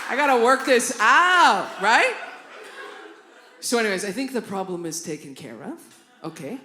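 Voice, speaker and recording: A middle-aged woman performing a stand-up comedy set on a theatre stage, telling stories with sudden loud, high-pitched outbursts. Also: sing-song, moderate pace, roomy sound, background noise. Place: theatre stage before a live audience.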